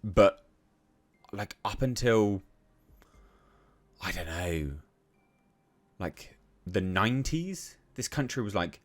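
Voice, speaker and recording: Reading bits of a news article aloud, this Englishman reacts to each with crude, withering contempt in his ranting commentary. He talks slowly and animatedly in a fairly low voice, pausing often.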